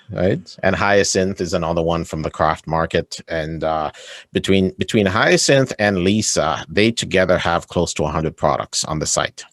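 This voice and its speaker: A man's voice: low voice, normal speed, a bit bright. A man speaking as a guest on an interview podcast, enthusiastic, laughing often and tagging his points with "right?". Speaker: guest, sales coach. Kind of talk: casual interview chat.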